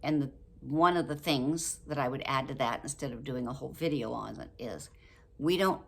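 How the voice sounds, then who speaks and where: Low-voiced chatty older woman vlogger. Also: moderate pace, vocal fry, fairly bright tone. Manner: chatty, laughs often, acts out example phrases. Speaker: book review vlogger. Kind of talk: casual talk to camera.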